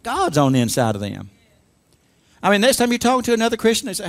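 A man's voice: high voice, huge pitch swings, fast talker, fairly bright tone. A man preaching a sermon, leading the congregation in call-and-response with emphatic, rising delivery. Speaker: pastor.

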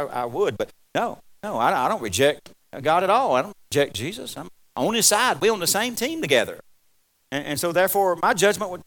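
A man preaching a folksy, rambling sermon, swinging from loud exclamations to quiet asides. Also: on the high side. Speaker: pastor.

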